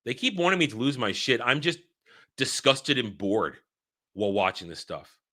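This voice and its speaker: A man's voice: mid-range voice, sing-song, normal speed, pushed and bright. A man giving a blunt, exasperated film review, swearing freely and repeating himself for emphasis.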